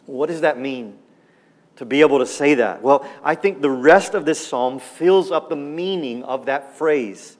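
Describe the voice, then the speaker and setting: A man preaching a sermon, earnest and emphatic, slowing down and dropping his voice on key words. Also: a little high, big-room sound. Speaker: pastor.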